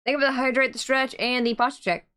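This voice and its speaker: A woman's voice: high voice, steady tone, fast, sharp tone, slight background noise. A young woman streamer chatting casually and giggling as she plays a game and reads chat aloud.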